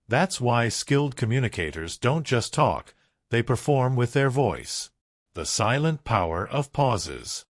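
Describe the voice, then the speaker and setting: A man reading a self-help audiobook as scripted narration, in an even, instructive way with deliberate pauses. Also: mid-range voice, no echo, clean studio sound.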